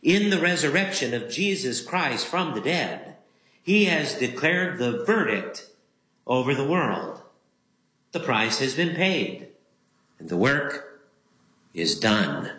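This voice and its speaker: A man preaching a sermon as a Lutheran pastor. He speaks in a measured, emphatic way and repeats key phrases for weight. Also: medium pitch, sing-song, sharp tone. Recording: roomy echo.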